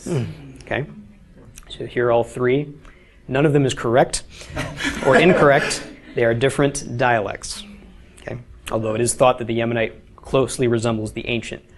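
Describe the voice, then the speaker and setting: A man with a mid-range voice and fairly even intonation teaches a beginners' Hebrew class at a moderate pace, pausing often. The lecture is informal, explained step by step, with regular "okay?" checks.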